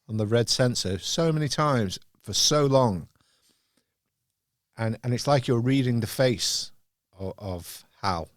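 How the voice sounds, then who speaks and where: A man's voice: mid-range voice, no echo, clean studio sound. A man hosting a casual film podcast, talking in a reflective way and often searching for words. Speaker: podcast host.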